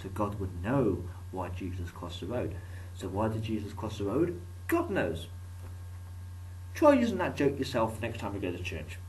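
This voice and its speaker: A man with a fairly low voice speaks straight to his viewers in a loose, wandering monologue. His pitch swings widely as he cracks jokes and pokes fun at himself, and a faint hum runs underneath. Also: very animated, moderate pace, darkish tone, far from the mic, rough recording. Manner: rambling, joking, self-deprecating. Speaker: YouTuber. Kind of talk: casual vlog monologue.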